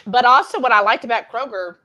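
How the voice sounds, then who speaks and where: A woman with a bright, fairly high voice chats casually on a live cooking stream. She reads viewers' comments aloud in a lively, easygoing way. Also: fast, dull audio. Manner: chatty, reads out comments with a laugh.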